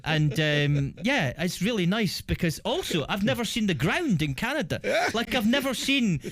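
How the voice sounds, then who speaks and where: A Scottish man, a comedian guest on a talk show, telling animated comic stories and acting out the people in them. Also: sits high, normal speed, dry recording. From Scotland. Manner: animated, acts out dialogue with voices. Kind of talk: comic storytelling.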